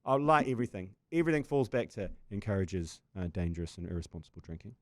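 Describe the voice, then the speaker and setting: A man's voice: lowish voice, fast talker, dry recording, clean studio sound. A man with a New Zealand accent co-hosting a casual podcast, trading crude jokes and laughing often. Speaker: podcast co-host.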